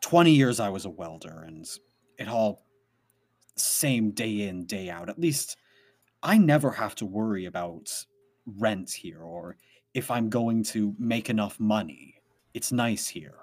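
A man's voice: on the low side, animated, unhurried, darkish tone. A man voicing a resentful, weary former welder who lives alone out in the woods, speaking bluntly in a tabletop role-play. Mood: bitter. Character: bitter male former welder hermit.

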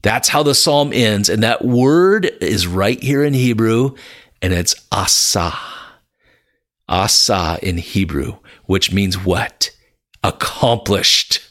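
A man giving an earnest devotional Bible teaching, speaking straight to the listener and rising to excited, emphatic peaks. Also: fairly low pitch, takes it slowly. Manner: earnest, swells to excited exclamations, addresses listener as my friend.

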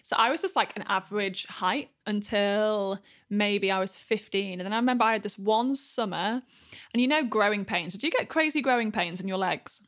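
A woman's voice: mid-range voice, normal speed, fairly bright tone. A young woman, a podcast guest talking about herself in an upbeat, self-effacing way. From Yorkshire, north of England. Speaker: guest, blogger. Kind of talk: casual interview chat.

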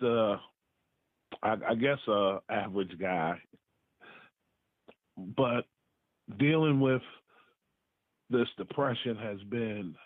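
A man giving a personal testimony, halting, hesitant and earnest. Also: lowish voice, no echo. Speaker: guest sharing his story. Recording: tinny phone line, dry.

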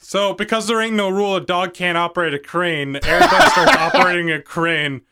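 A man with a somewhat high, bright and forceful voice talks through a movie plot with his co-host. He rambles, swears freely and keeps breaking into laughter. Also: normal speed, clear, resonant tone. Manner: rambling, profane, laughs often. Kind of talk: casual podcast movie recap.

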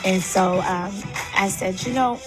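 A woman's voice: mid-range voice, a little slow, over music, poor audio. A woman telling a story in an interview, bold and brash, mimicking the voices of others.

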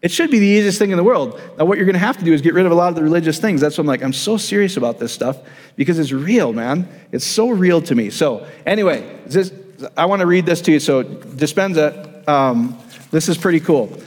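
A man's voice: a little high, expressive, fairly quick, in a large hall. A man preaching a sermon, emphatic and repetitive, often restarting his sentences. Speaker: pastor.

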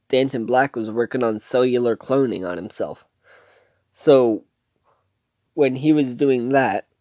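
Guy slowly going over a show's plot, rambly, kinda dull lo-fi sound. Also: medium pitch, no echo. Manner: rambling, with restarts, quoting scenes loosely. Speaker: TV show reviewer. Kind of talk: casual plot recap.

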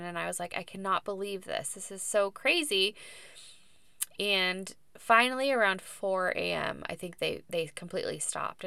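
A woman's voice: fairly low pitch, creaky, pushed and bright, no room sound. A woman in her thirties, a podcast guest, chatting casually about her birth story with plenty of fillers and laughs.

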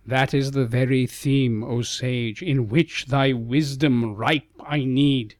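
A man voicing a gentle, worried king and father in an audiobook ballad, measured and anxious. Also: mid-range voice, steady tone, dry recording, clean studio sound, close to an everyday voice. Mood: earnest.

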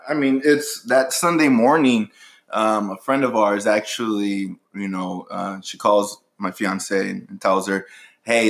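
A man in casual chat, talking in a relaxed way with many fillers. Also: on the low side.

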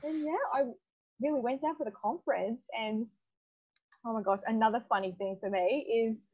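Husky, lively young woman telling a story. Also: fairly high pitch, moderate pace, highs cut off. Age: young adult. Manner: animated, laughs often, acts out dialogue. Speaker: podcast guest. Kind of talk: casual interview storytelling.

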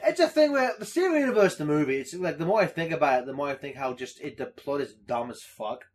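A man's voice: fairly high pitch, lively intonation, quick pace. Rambling, laughing podcast host guy. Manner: rambling, swearing, laughs often. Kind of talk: casual podcast chat.

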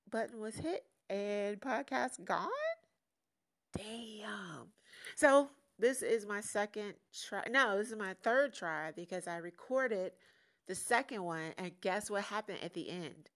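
A woman's voice: mid-range voice, a bit bright. A woman hosting her own podcast in a casual, candid solo monologue that turns motivational. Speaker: podcast host.

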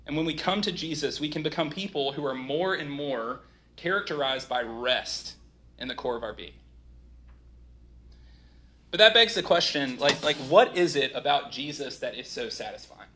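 A man in his thirties giving a sermon as pastor, talking in a casual, animated way with many asides. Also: mid-range voice, normal speed, a little hiss or hum.

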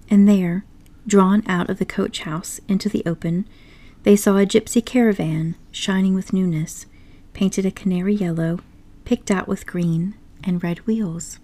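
A woman narrating a classic story aloud in a measured, expressive way. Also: medium pitch. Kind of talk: audiobook storytelling.

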